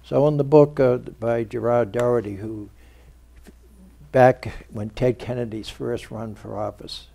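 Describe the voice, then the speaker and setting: A man's voice: medium pitch, fairly even intonation, unhurried, vocal fry, mellow. A male publisher in a TV studio interview who tells anecdotes and recounts conversations by quoting the people in them. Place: local TV studio.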